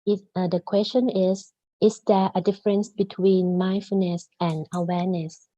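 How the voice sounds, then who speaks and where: A woman moderating a video call, reading out audience questions slowly and formally. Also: mid-range voice, level tone, mellow, low-quality recording.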